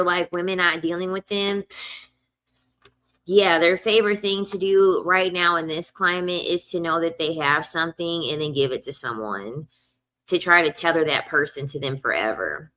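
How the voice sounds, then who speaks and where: Young woman venting a storytime, cussing a lot, bright sharp voice, repeats herself. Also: lowish voice, fairly even intonation, normal speed. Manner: blunt, profane, exasperated, repeats lines for emphasis. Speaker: vlogger. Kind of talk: casual storytime rant.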